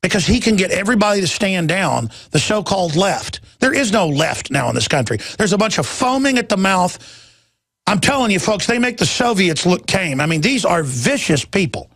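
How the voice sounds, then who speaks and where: Middle-aged man, talk radio host, indignant and emphatic, high voice, dry studio sound. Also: big pitch swings, normal speed, vocal fry, fairly bright tone, husky, no room sound. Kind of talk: heated broadcast monologue.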